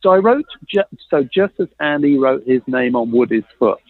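A middle-aged man, a guest on an interview show, telling a story with lively, self-mocking humor and acting out the dialogue he quotes. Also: medium pitch, normal speed, no echo. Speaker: guest, innovation consultant. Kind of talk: animated anecdote telling in a podcast interview. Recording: dry, tinny phone-like line.

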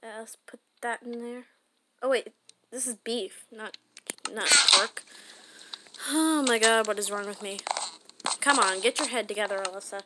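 A woman with a higher voice talks at normal speed, pausing often, as she chats and rambles to herself through a game. She's a gaming channel host doing casual gameplay commentary, with loud background noise behind her.

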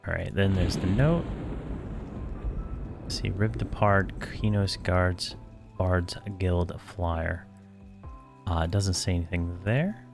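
Low-voiced man narrating a game. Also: slow, vocal fry, pauses often, music in the background. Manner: casual, lots of uh fillers. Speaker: gamer commentator. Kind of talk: game playthrough commentary.

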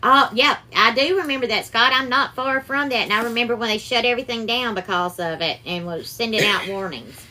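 Southern lady doing a cooking live, calls everyone darling, bright high-ish voice. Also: fairly quick, hardly any pauses, slight background noise. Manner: chatty, greets viewers by name with terms of endearment. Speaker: cooking livestream host. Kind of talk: casual live cooking stream.

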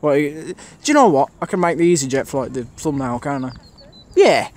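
A man's voice: a little high, lively intonation, moderate pace, darkish tone. A man filming trains on an outdoor station platform, giving a rambling, casual commentary full of fillers to his camera mic. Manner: chatty, rambling, thinks aloud with many fillers.

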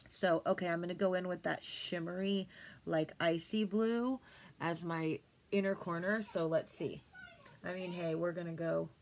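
A woman's voice: fairly low pitch, gravelly. A young woman chatting casually through a makeup tutorial, gushing and rambling as she talks. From California. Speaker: beauty vlogger.

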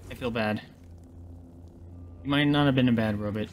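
A man streaming a video game, chatting casually and joking at the screen, often swearing when he gets excited. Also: medium pitch, moderate pace, pauses often, a little hiss or hum. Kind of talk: casual gameplay commentary.

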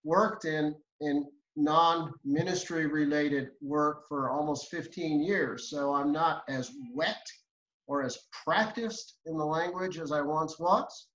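Slow, bright-voiced hesitant man on a call. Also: a little high, steady tone, roomy sound, highs cut off. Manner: hesitant, halting, repeats words. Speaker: guest reading Biblical Greek. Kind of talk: casual discussion.

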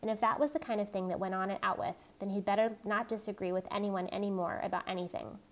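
A woman reading a novel aloud in a steady, even narrating voice. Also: mid-range voice, fast. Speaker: reader.

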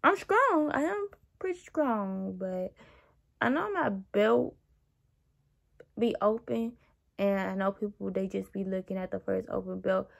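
A young woman telling a workplace story in a casual, animated, sassy way. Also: medium pitch, unhurried, creaky, pauses often. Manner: animated, sassy, petty venting with dramatic emphasis. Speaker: vlogger telling work stories.

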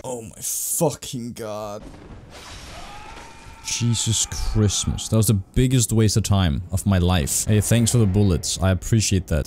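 Young male streamer, low mellow voice, excitable and profane, faint background hum. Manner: excitable, swears a lot. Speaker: gaming streamer. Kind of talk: casual gameplay commentary.

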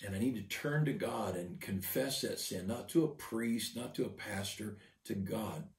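A low, gravelly male pastor delivering an earnest devotional sermon, doubling back on his words as he presses each point. He sits a little away from the mic, so his voice rings through an echoey room. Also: moderate pace, a little mellow, recorded from a distance. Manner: earnest, repeats words while building a point.

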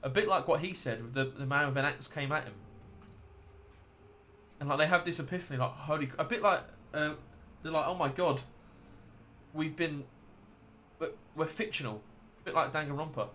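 A man's voice: on the high side, normal speed, long pauses, bright, forceful tone, a little hiss or hum. An American man streaming a game live, chatting casually and rambling to his viewers. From United States.

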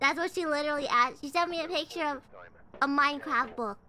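A woman's voice: high-pitched, fast talker, pushed and bright. A woman streamer chatting playfully and teasing a friend while they play a game together. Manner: teasing, playful, laughs often. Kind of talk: casual chat while gaming.

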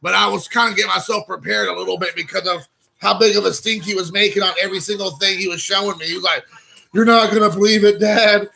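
A man in his thirties hosting a casual stream while opening trading card packs, excitable and rambling, calling people dude. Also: high-pitched, fast talker, creaky, slight background noise, poor audio. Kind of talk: casual live-stream chat.

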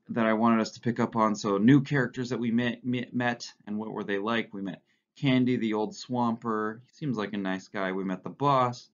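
A male teacher talking casually and self-effacingly in an online lesson with read-aloud. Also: lowish voice. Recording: lo-fi recording.

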